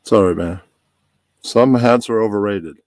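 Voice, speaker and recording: A man with a very deep, low voice, heard close and dry with no room sound. He is the host, chatting casually and rambling to himself as he gets a live show started. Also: unhurried, dry recording. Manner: relaxed, rambling, talks to himself while setting up. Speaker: podcast host. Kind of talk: casual chat before a live stream.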